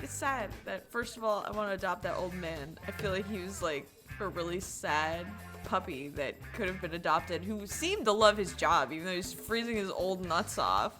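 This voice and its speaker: A young woman from Florida, co-hosting a podcast and telling a story in casual chat, lively and swearing, often breaking into laughter. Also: mid-range voice, a little fast, few pauses, faint music behind. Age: young adult. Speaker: podcast co-host.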